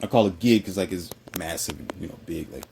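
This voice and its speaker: A man talking casually and with strong opinions, mocking people with quick impressions and jumping up in pitch. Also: vocal fry, noisy background. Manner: animated, mocking impressions, jumps high in pitch. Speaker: host.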